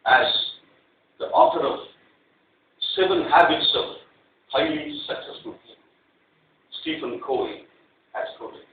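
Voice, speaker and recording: A middle-aged man giving a prepared speech at a club meeting, telling a personal story in an animated way. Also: on the high side, unhurried, pauses often, a little hiss or hum. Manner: animated storytelling, acts out quarrels. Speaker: club speaker. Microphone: clip-on mic, heard from afar. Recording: echoey hall, distant tinny mic.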